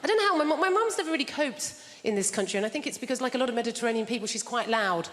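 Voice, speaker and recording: A woman's voice: on the high side, lively intonation, very fast, big-room sound. A woman performing a stand-up routine on a large theatre stage, dry and self-deprecating with hesitant fillers. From England. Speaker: stand-up comedian. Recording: live theatre with a loud audience.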